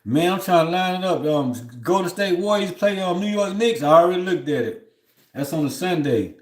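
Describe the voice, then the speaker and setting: A man's voice: sits high, lively intonation, normal speed, echoey room. A man on a livestream telling a long story in a loose, rambling way, often heated and aggrieved, with "you know what I'm saying" between his thoughts. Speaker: livestream host.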